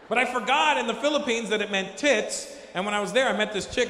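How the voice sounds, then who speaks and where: A man's voice: high voice, fast talker, few pauses, bright, forceful tone, a little hiss or hum. A man doing a stand-up comedy set, riffing with the crowd and acting out voices on a handheld stage mic. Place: large comedy venue with live audience. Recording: echoey hall, crowd audible.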